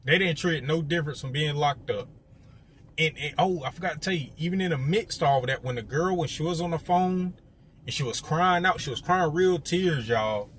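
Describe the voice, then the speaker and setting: A young man tells his viewers a story in a casual, chatty way, often speaking to them directly and using plenty of fillers. His voice is a little high and a bit bright, moving at a moderate pace, with a little hiss or hum in the recording.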